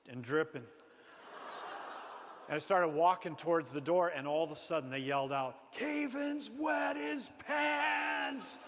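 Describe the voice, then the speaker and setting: A man from Minnesota telling a personal story to an audience with animated, self-mocking humor. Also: a little high. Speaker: speaker. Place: large hall before an audience. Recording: reverberant hall.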